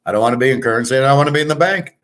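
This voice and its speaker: A man talks in a loose, rambling monologue, blunt and boastful. He swears freely and acts out both sides of the conversations he retells. His voice sits at an ordinary middle pitch for a man. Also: racing, a bit bright. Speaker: host of a sports picks show.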